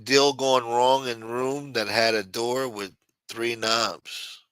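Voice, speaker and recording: A man's voice: mid-range voice, flat delivery, slow pace, fairly bright tone, smooth, no echo. A man hosting a late-night livestream, chatting loosely and profanely while answering viewers in the chat. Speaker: livestream host.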